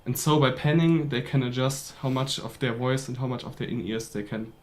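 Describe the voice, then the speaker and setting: A man's voice: mid-range voice, a little fast, a little hiss or hum. A man joining a stream chat, sharing what he researched in a thoughtful, slightly hesitant way. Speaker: stream participant. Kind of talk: casual chat.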